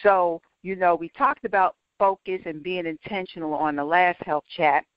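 Upbeat woman health coach, low voice. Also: fairly even intonation, normal speed, no echo, lo-fi sound. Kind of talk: faith-based health segment.

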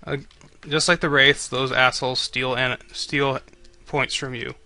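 A man's voice: medium pitch, little pitch movement, unhurried, pushed and bright, dry recording. A man commentating on a video game he is playing, swearing constantly and griping sarcastically at the characters. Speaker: let's play commentator.

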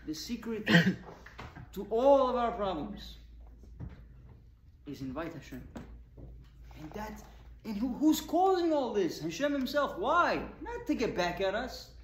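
In this Torah talk, a male rabbi speaks in a high, sing-song voice and takes it slowly, pressing rhetorical questions on his listeners with emphasis. Slight background noise and faint ambience fill an echoey room.

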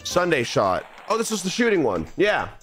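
A man's voice: a little high, huge pitch swings, normal speed, fairly bright tone. A young man streaming a game live, talking restlessly to himself, mocking himself and repeating phrases, with faint music behind. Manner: restless, self-mocking, repeats phrases under his breath. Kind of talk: live gameplay commentary.

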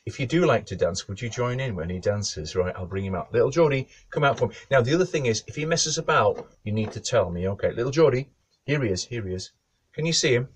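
A man's voice: fairly low pitch, fast talker, husky. A male storyteller and author telling a children's story and reading a bedtime book in a playful way. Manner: lively, playful, talks straight to children.

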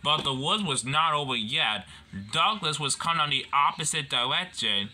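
A man narrating a homemade toy-train story in a rambling, halting way. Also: fairly high pitch, expressive, pushed and bright, slight background noise.

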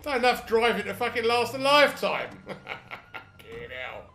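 A man's voice: very high-pitched, sing-song, a little slow, vocal fry, pushed and bright. A middle-aged British man giving a sweary, laughing running commentary while playing a video game. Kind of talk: casual let's-play commentary. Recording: echoey room.

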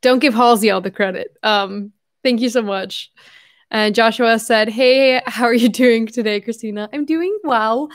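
A young woman with a fairly high voice hosts a relaxed livestream from home. She reads viewer messages aloud in a chatty, effusive way, breaking in with quick asides and correcting herself as she goes. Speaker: livestream host. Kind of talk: casual livestream chat reading viewer messages.

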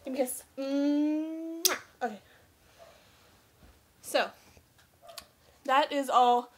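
Brief: young woman vlogger, high voice, slow easygoing delivery, playful and breathless, faint noise behind. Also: steady tone. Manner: giggly, playful, teasing. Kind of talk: casual chat. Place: bedroom.

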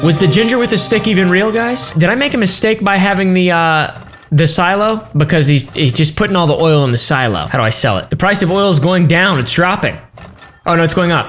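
A man's voice: high-pitched, animated, a little fast. A young man giving casual, crude, joking commentary while playing a game, swearing often. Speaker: gaming YouTuber. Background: game music.

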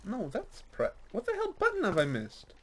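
High, lively man laughing at games. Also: normal speed, slight background noise. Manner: laughs often, exclaiming, teasing. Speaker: gamer playing with friends. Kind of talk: casual gaming chat.

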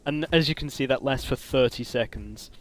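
A man giving casual commentary on a game mod, excitable and gushing, with frequent exclamations. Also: medium pitch, moderate pace. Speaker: gaming commentator.

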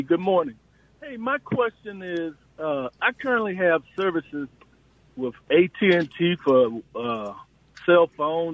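Guy calling into radio, tinny phone line, kinda higher voice, stumbles over his words. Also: no room sound. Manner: hesitant, searching for words. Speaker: caller. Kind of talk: phone-in question.

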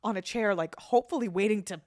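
Woman podcast host, loose rambling storyteller, swears often, medium pitch. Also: fast talker, darkish tone. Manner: swears freely, says "dude" often; rambling with restarts. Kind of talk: casual storytelling chat.

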